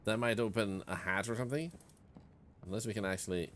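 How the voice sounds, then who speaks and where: A man's voice: lowish voice, fairly quick, fairly bright tone, a little hiss or hum. A man streaming a video game in casual commentary, chatting and reading the game's text aloud as he plays. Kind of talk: casual let's-play commentary.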